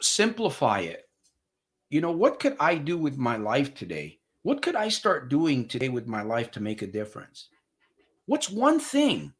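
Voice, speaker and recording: Animated man coaching a live stream audience. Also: a little high. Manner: preachy, repeats phrases for emphasis; addresses listeners as friends, reads out viewer comments. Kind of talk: live motivational broadcast talk. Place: home studio with green screen.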